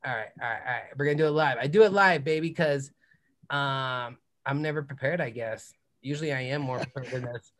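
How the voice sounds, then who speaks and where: A man hosting his own podcast, talking with high energy, whooping and repeating hype catchphrases as he promotes the show. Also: fairly quick, fairly bright tone. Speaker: podcast host. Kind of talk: hyped podcast intro and self-promotion.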